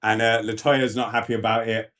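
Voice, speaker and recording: A man in casual podcast chat, recapping events in a relaxed, laid-back way. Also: lowish voice, fairly quick. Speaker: podcast guest.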